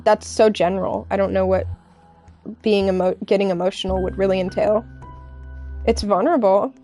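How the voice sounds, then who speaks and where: A woman's voice: mid-range voice, steady tone, warm tone. Hesitant young woman streamer, faint music. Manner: halting, hesitant, many fillers and restarts; candid and earnest. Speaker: live streamer. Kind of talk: casual chat with stream viewers.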